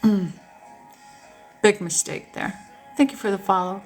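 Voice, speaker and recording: A woman's voice: mid-range voice, unhurried. Candid woman chatting over faint music. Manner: animated, candid, swears freely. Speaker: host. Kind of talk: casual storytelling chat to a live audience.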